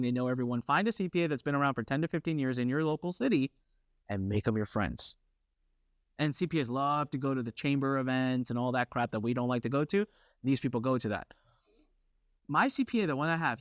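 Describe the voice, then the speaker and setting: A man's voice: mid-range voice, no echo, clean studio sound. Brash, competitive man telling stories. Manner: brash, competitive, animated storyteller. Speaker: workshop host. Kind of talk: live workshop storytelling.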